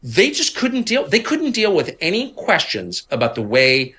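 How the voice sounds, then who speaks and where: A man in his fifties, a guest in a conversational interview, who tells stories with animated, mocking impressions of other people. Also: normal speed. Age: 50s. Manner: animated storyteller, acts out others in high mocking voices. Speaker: interview guest, media figure.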